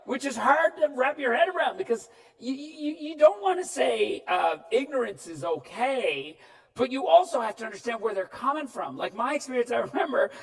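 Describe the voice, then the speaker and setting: A man giving a comedic keynote talk, telling stories in an animated way and shouting punchlines. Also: extremely high pitch, moderate pace, vocal fry, breathy edge, distant mic. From Newfoundland, Canada. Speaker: keynote speaker. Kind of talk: comedic storytelling speech. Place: large hall before an audience. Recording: reverberant hall, speaker off-mic.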